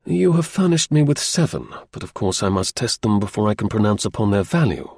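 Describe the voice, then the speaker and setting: A man voicing a sharp, aloof male detective who speaks in a measured, lecturing way, in a husky, gravelly voice. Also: on the low side, sing-song, dry recording, heavily acted. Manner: measured, explaining, a little dry.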